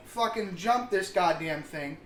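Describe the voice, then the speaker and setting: Brief: guy, slightly high voice, cusses constantly through rambling stories, roomy mic with light hiss. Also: a little slow, a bit bright. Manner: rambling, heavy swearing, self-mocking. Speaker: podcast co-host. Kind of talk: casual storytelling. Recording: roomy sound with faint hiss.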